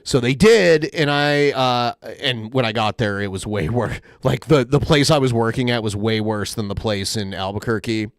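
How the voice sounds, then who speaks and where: A man hosting a podcast, chatting casually in a rambling, halting way with many restarts. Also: mid-range voice, no room sound, studio quality. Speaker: podcast host. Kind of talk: casual chat.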